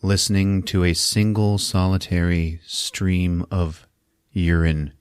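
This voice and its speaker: A man's voice: low voice, level tone, slow pace, clear, resonant tone, dry recording, clean studio sound. A man hosting a podcast, casually recapping a movie in an amused, chuckling way.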